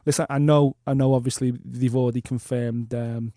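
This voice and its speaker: A man's voice: medium pitch, flat delivery, fairly quick, mellow, dry recording, studio quality. A man co-hosting a casual MMA podcast, talking with enthusiasm and emphasis. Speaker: podcast co-host.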